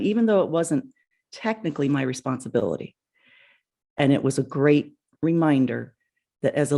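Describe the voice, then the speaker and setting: A woman's voice: deep voice, warm tone. A middle-aged woman hosting a podcast, telling a personal anecdote in a conversational way with small restarts. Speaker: podcast host. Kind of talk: personal storytelling on leadership. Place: home in Idaho, early morning.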